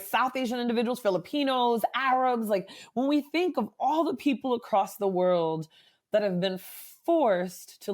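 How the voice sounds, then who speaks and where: She's a psychologist being interviewed as a guest, talking at a medium pitch. The conversation is animated, and she leans heavily on fillers and tag questions.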